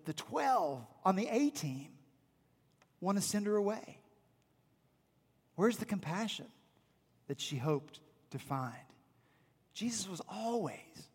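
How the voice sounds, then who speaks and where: A senior pastor with a high, husky voice preaches in a church sanctuary, and his words trail off in a long reverb tail. He speaks emphatically, repeating phrases and asking the congregation rhetorical questions.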